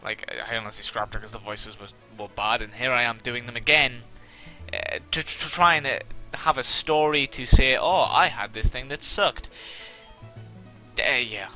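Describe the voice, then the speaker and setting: A man's voice: mid-range voice, moderate pace, soft background music. Rambling, self-mocking young gamer guy. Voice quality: somewhat monotone. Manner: rambling, self-deprecating, many fillers. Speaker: let's-play gamer. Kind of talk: casual gameplay commentary.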